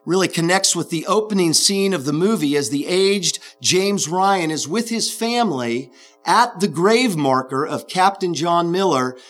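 High-voiced man preaching a sermon. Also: fairly bright tone. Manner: earnest storytelling, retelling a film scene.

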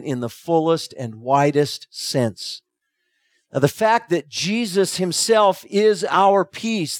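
A man with a high-pitched voice preaches an expository sermon. He talks earnestly and deliberately, drawing out his key phrases. The sound is dry and close, with no room echo.

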